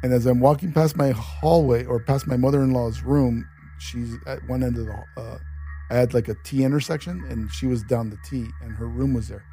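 A man's voice: medium pitch, a little fast, soft background music. A man co-hosting a podcast, telling a spooky story in loose casual chat and swearing often. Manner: swears a lot, animated storyteller. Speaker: podcast co-host.

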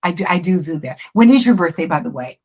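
A woman's voice: lowish voice, lively intonation, fast talker, darkish tone, low-quality recording. A middle-aged woman talks casually as a psychic guest in an interview. She rambles and restarts her sentences as she explains herself.

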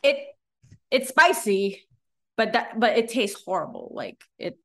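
A young woman from Macau with a somewhat high voice, chatting casually on a podcast. She talks with animated energy, laughs easily and imitates how words sound. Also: unhurried. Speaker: podcast co-host. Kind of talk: casual chat.

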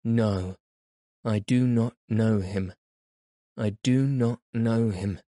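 A man's voice: fairly low pitch, takes it slowly, dark tone, no room sound, studio quality. A man voicing a distraught young woman. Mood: distressed. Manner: distraught, insistent. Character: distressed young woman denying she knows him.

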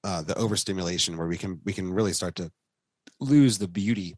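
A man's voice: deep voice, fairly quick, a little mellow, no echo. A man co-hosting a podcast, talking casually and rambling through book recommendations with frequent restarts. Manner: rambling, restarts, faith-focused book talk. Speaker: podcast co-host. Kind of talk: casual chat.

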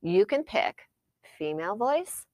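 A woman co-hosting a casual chat podcast, chatty and quick to giggle and joke. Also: medium pitch, sing-song, a little mellow, dry recording. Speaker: podcast co-host.

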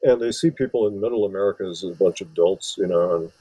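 A man's voice: low voice, fast talker, mellow, husky, no room sound, poor audio. A man from Wisconsin, an author and film scholar, giving long rambling interview answers full of restarts. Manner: rambling, many restarts and fillers.

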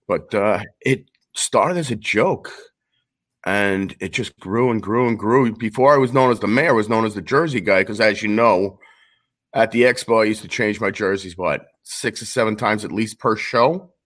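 Brash new york guy rambling and joking on a call, lowish voice. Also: normal speed, fairly bright tone. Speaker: guest collector. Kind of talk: casual chat.

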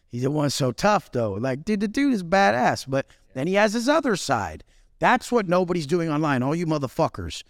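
A man's voice: on the high side, very animated, normal speed, no echo, studio quality. A man speaking as a podcast guest in brash, intense, profanity-heavy casual chat.

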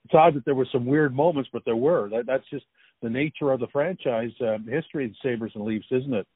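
A man's voice: mid-range voice, brisk, slightly rough, no room sound. A male host asking conversational questions and often hedging with "I mean.". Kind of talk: interview questions. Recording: tinny phone-like dry line.

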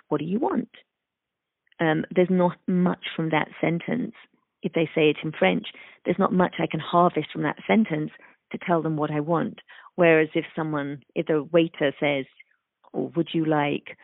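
Interviewed over a remote call with dry, phone-like audio and no echo, a female speech-language pathologist gives thoughtful explanations. She has a deep voice and performs small examples in a sing-song manner.

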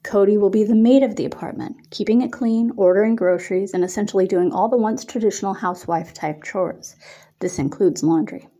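Mellow-voiced woman reading her story. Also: medium pitch, brisk. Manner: steady storytelling narration. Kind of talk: reading an erotic story aloud.

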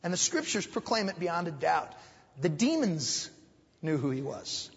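Man, pastor, emphatic sermon, high husky voice, dull hall recording with long reverb. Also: sing-song, measured pace. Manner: emphatic, repeats phrases, voice rising to stress points. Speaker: pastor teaching Sunday school. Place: church hall.

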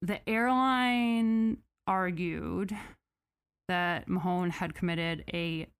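A woman hosting a podcast, retelling a story in a casual, animated, sarcastic way with mock quotes. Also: on the low side, extremely slow, smooth. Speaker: podcast host.

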